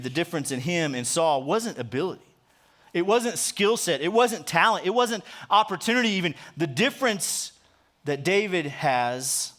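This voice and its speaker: A man's voice: on the high side, a bit bright. A man pastor preaching a sermon, retelling a Bible story conversationally, with frequent restarts.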